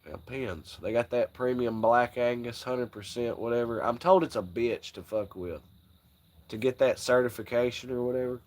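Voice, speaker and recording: A man chats on a livestream, spinning profane, wandering stories about trucks and home. His voice sits at an ordinary mid pitch, and he breaks off into laughs often. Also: normal speed, a little mellow. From Southern United States. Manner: crude, rambling storytelling with frequent laughs. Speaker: livestream host. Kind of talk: casual chat.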